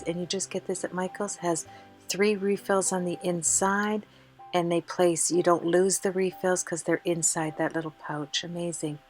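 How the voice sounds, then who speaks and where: Breathless, chatty woman over soft music. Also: lowish voice. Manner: chatty and enthusiastic, many fillers. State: out of breath from the flu. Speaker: card-making video host. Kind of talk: crafting tutorial voice-over.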